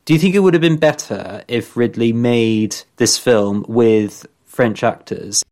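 A man's voice: medium pitch, a little slow, a little mellow. A man joining a film podcast discussion, making brief, plainspoken remarks. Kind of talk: casual film review chat.

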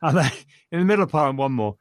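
A man's voice: medium pitch, lively intonation, rapid-fire. A man discussing a film with enthusiasm, retelling funny scenes and chuckling as he goes. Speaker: film reviewer.

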